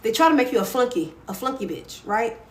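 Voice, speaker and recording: A woman with a Louisiana accent talks straight to her livestream viewers, sassy and blunt, swearing freely as she hands out advice. Her voice sits fairly high and carries a noticeable echo from the room around her. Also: big pitch swings, brisk. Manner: blunt, sassy, profane, repeats "right?". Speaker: livestream host giving advice. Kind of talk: casual livestream advice talk.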